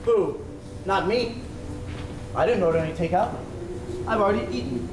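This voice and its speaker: A man's voice: sits high, normal speed, lightly acted. An actor on stage playing a frantic, jilted man who demands to be married now, theatrical and exasperated. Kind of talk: stage play acting. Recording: roomy stage sound from far off, music behind.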